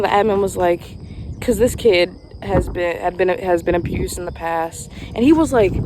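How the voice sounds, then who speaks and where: Young woman, Southern accent, gravelly fry, rambling casual vlog, faint outdoor noise. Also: on the low side, darkish tone. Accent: Southern American. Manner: rambling, chatty, many restarts and fillers. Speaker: vlogger, camp counselor. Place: outdoors, rural, in the sun.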